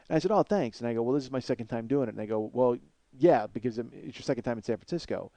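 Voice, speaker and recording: A man's voice: medium pitch, quick pace, creaky, warm tone, no room sound. A man in his forties hosting a podcast, rambling in a self-deprecating, swear-heavy comedic monologue. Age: 40s. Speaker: podcast host.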